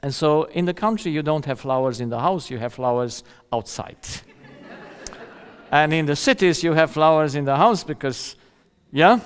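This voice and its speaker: A man's voice: a little high, animated, normal speed, big-room sound. A man giving a seminar lecture in a conversational way, often checking in with "yeah?" and chuckling at his own stories. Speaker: seminar speaker.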